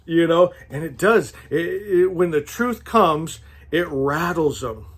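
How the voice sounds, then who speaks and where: Guy with a pretty high voice doing a laid-back sermon, earnest, keeps restarting and going "right?". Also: animated, slow, fairly bright tone, slightly rough. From California, USA. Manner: earnest, rambling, with frequent restarts and "right?" asides. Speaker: spiritual teacher. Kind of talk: informal sermon with personal stories.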